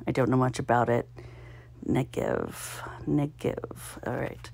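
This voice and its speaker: A woman's voice: rumbling low, level tone, fast talker, darkish tone, no echo. Chatty woman thinking aloud, self-mocking. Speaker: puzzle-solving vlogger. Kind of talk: casual solo commentary while solving.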